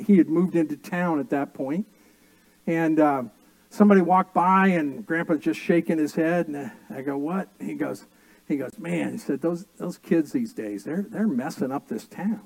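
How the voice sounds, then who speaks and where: A middle-aged male pastor delivers a sermon from the pulpit at a measured pace, drifting into homely stories with dry humor. His voice is a bit high for a man but dark and mellow, with vocal fry, and the recording is close and dry without room echo.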